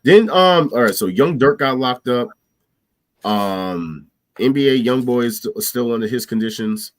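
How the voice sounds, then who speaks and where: A man's voice: medium pitch, lively intonation, unhurried, no room sound. A man hosting a podcast in casual chat, with a sick, wheezy voice and a slangy, laid-back way of talking. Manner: laid-back, slangy, lots of "you know what I'm saying". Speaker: podcast host.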